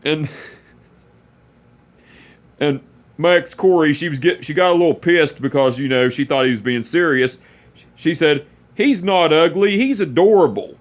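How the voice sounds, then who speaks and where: Man, personal story, halting, repeats phrases, many restarts. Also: on the high side, steady tone.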